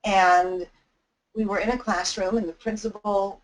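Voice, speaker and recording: A woman speaks to educators in an anti-bullying webinar. Her tone is earnest and heartfelt as she tells a personal story. Her voice sits at an ordinary middle pitch. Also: steady tone, a little slow, rough recording.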